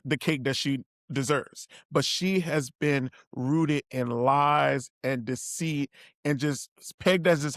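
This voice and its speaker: A man's voice: a little high, dry recording, clean studio sound. A man co-hosting a casual podcast recap, talking animatedly and acting out quotes in a raised voice. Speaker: podcast co-host.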